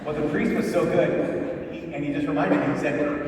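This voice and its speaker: A man preaching a homily as a priest, lively and conversational, recorded in a large church. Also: fairly high pitch, moderate pace, a little hiss or hum. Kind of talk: sermon. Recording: echoey church from far off.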